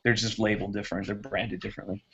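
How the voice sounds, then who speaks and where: A man, a guest drone racer, chatting casually on a live hangout, telling stories in an animated way. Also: lowish voice, rapid-fire, creaky, dull audio, a little hiss or hum.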